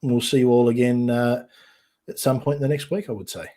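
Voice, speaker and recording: A man hosting a casual online chat show, rambling and halting with many ums and restarts. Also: medium pitch, steady tone, warm tone. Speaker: podcast host.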